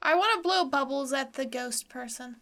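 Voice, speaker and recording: A woman's voice: high voice, normal speed, fairly bright tone, a little hiss or hum. A woman playing a tabletop game, eager and whimsical in her in-character ideas. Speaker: player.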